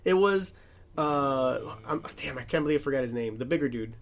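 A man's voice: mid-range voice, expressive, a little fast. A man co-hosting a podcast, chatting casually about movies, rambling and swearing, with frequent laughs. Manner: rambling, swears often, laughs between phrases. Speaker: podcast co-host.

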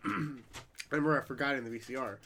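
A man's voice: mid-range voice, racing, slight background noise. A man hosting a podcast, telling a funny story in casual chat and laughing as he goes. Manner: animated storyteller, laughing through anecdotes. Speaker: podcast host.

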